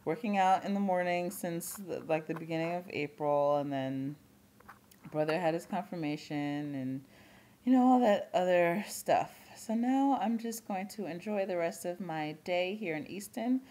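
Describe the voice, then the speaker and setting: Chatty young woman, slightly low voice. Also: moderate pace, mellow. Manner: chatty, laughs often, lots of "like" fillers. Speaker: vlogger. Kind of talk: casual chat.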